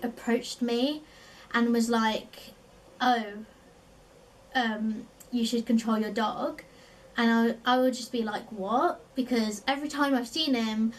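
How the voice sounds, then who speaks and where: A young woman with a South East London accent, her voice sitting a little high, talks casually to the camera and keeps dropping in "like". She sounds a bit away from the mic, with a faint hum in the room behind her. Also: distant mic, low-quality recording. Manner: chatty, lots of "like" fillers, laughs often. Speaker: vlogger. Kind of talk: casual chat.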